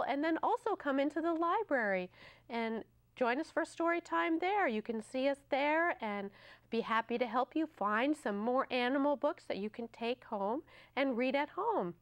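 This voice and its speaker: A woman librarian hosting storytime, reading a picture book aloud to children in a slow, sing-song way. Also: high voice, clean tone, no room sound.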